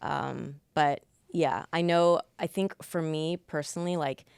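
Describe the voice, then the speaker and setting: A woman co-hosting a podcast, speaking in a calm, reassuring, thoughtful way. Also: low voice, unhurried, vocal fry, smooth, dry recording. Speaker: podcast co-host. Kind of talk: casual podcast chat.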